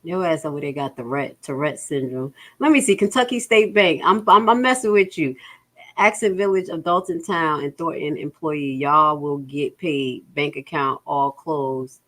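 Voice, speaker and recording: A woman's voice: sits low, moderate pace, fairly bright tone. A woman hosting a casual livestream, bluntly and exasperatedly going over budget figures and reading out viewer comments. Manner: blunt, exasperated, reads chat aloud. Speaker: livestream host.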